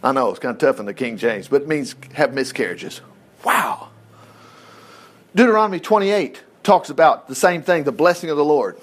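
A middle-aged man preaching a sermon as pastor, telling stories in a folksy, animated way with chuckled asides. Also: fairly high pitch, normal speed.

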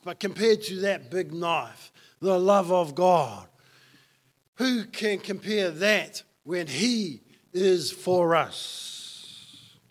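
A man preaching a sermon as pastor, emphatic and fond of repeating key lines for effect. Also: sits high.

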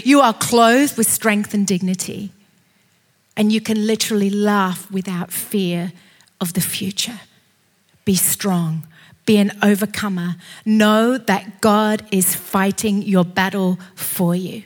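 A woman preaching a sermon, building to impassioned, shouted declarations. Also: mid-range voice, steady tone, takes it slowly.

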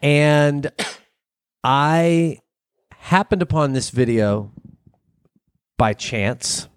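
A man's voice: a little high, lively intonation, extremely slow, clean tone, dry recording, studio quality. A man co-hosting a podcast in casual chat, rambling and laughing mid-sentence as he jumps between thoughts. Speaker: podcast co-host.

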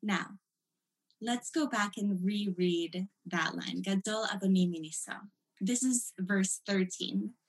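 Woman teaching a text study class, lively and emphatic, walks through it like she's explaining to students. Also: mid-range voice, slow pace, rough recording.

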